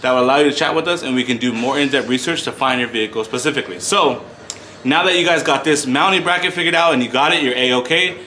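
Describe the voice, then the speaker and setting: A man's voice: mid-range voice, fast talker, bright, forceful tone, a little hiss or hum. A man hosting a casual product walkthrough for a car parts shop, chatting loosely to viewers in a store. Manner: chatty, addresses viewers as "you guys".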